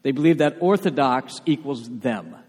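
A man preaching a sermon as pastor, emphatic, with rhetorical questions and sudden soft asides. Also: mid-range voice, lively intonation, moderate pace, breathy edge, in a large hall. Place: church sanctuary.

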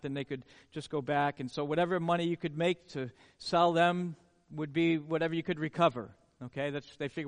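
A man preaches with a strikingly high voice, driving his points home through repeated words and rhetorical questions. His voice rings out into a hall with a long reverb tail. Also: fairly bright tone. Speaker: pastor. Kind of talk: sermon.

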